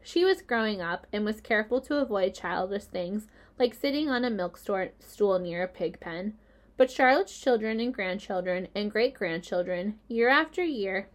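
A woman reading a children's novel aloud in a gentle storytelling voice. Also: medium pitch. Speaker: reader.

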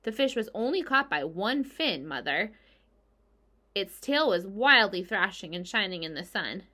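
A woman's voice: mid-range voice, sing-song, a little slow, sharp tone, heavily acted. A woman voicing an imaginative young farm girl who insists eagerly on her tales.

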